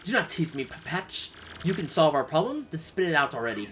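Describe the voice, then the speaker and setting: A man's voice: a little high, big pitch swings, fairly quick, fairly bright tone, slight background noise. A man voicing a pompous, flamboyant male trader who talks in a grand, theatrical way. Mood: grandiose. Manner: grandiose, dramatic, self-praising.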